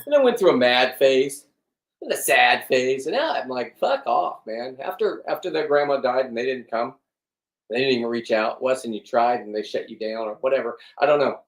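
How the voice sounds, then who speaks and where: A middle-aged male vlogger rambles bluntly through a monologue, swearing often and restarting sentences. His medium-pitched voice is expressive and a little fast. The room is echoey, and he sits distant from the mic.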